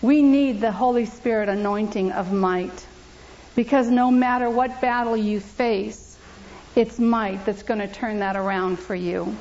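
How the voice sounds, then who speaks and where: A woman's voice: mid-range voice, steady tone, measured pace, a little mellow, a little hiss or hum. A woman giving an earnest, emphatic church testimony, repeating scripture aloud, in a church. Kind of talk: testimony and preaching. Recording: dull lo-fi recording.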